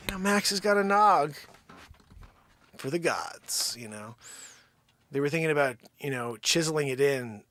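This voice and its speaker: Man, livestream host, high voice, lively swings, rambling jokey chat. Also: measured pace, long pauses, a little hiss or hum. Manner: rambling, jokey, talks to his dogs. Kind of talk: casual live chat.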